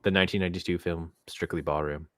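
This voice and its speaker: A man's voice: low-pitched, steady tone, fast, fairly bright tone, no echo. A man hosting a casual podcast chat with a friend, talking in a chatty, playful way and correcting himself as he goes. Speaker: podcast host.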